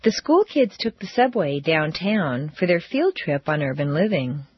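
A woman teaching English pronunciation, reading drill phrases slowly and deliberately with careful stress. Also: deep voice, sing-song, slightly rough, no room sound, muffled recording.

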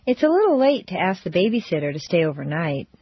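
A woman teaching English pronunciation, reading drill phrases slowly and deliberately with careful stress. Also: on the low side, big pitch swings, husky, no echo, dull audio.

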